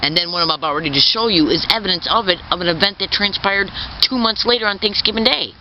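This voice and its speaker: A man's voice: sits high, fast, bright, forceful tone, slight background noise, rough recording. Insistent man narrating over clips. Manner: insistent, repeats himself. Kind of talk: commentary over recordings.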